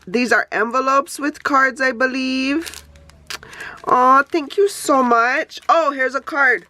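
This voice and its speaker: A woman from Hawaii, a craft YouTuber, gushing with excitement as she unboxes happy mail in casual chat. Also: high voice, slow, dry recording. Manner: gushing, exclamatory, lots of "oh my gosh". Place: home, Phoenix.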